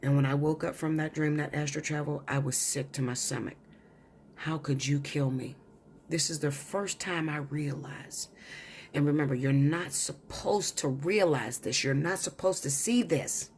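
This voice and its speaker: A woman's voice: low voice, moderate pace, a little mellow, a little hiss or hum. A woman tarot reader telling a long story in a blunt, profane, insistent way. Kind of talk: storytelling monologue.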